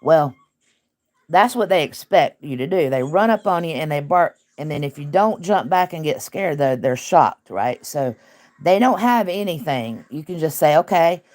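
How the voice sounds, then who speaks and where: A woman's voice: deep voice, animated, normal speed, a little mellow. A woman who hosts casual online commentary, talking bluntly and emphatically with laughs.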